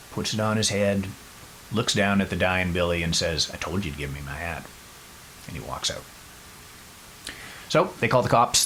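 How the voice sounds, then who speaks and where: A man hosting a podcast, telling a story in a casual, animated way with wry asides. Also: deep voice, a little hiss or hum, low-quality recording. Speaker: podcast host.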